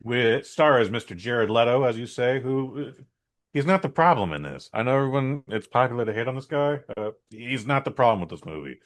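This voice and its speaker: A man's voice: medium pitch, expressive, fairly quick. A man co-hosting a podcast, giving a blunt, rambling and opinionated movie review in a casual chat. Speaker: podcast co-host.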